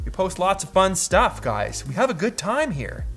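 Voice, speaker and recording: A man's voice: high voice, sing-song, moderate pace, a bit bright, faint music behind. Upbeat joking Canadian man. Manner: upbeat, joking, goes off on tangents. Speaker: photo-editing YouTuber. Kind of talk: casual vlog talk.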